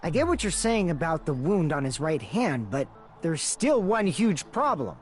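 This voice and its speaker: An actor playing a brash, gruff young male gangster heir in dubbed video game dialogue. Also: a little high, big pitch swings, moderate pace, faint music behind. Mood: arguing. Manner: gruff, confrontational.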